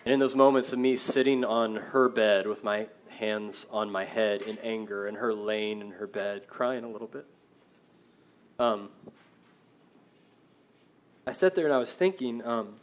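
A man's voice: mid-range voice, normal speed. Earnest male pastor preaching a sermon. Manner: earnest, shifts from loud emphasis to quiet reflection.

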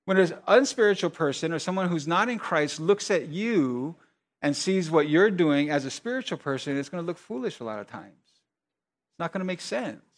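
Middle-aged guy pastor preaching, chatty storytelling, says things twice for emphasis, voice a bit on the high side. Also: lively intonation, moderate pace. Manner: conversational storytelling with emphatic repetitions. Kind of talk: sermon.

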